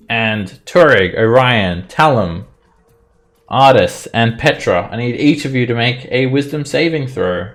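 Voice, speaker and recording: A man running a tabletop game as game master, narrating slowly with many pauses and fillers. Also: fairly low pitch, fairly bright tone, soft background music. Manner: slow, deliberate, with frequent fillers.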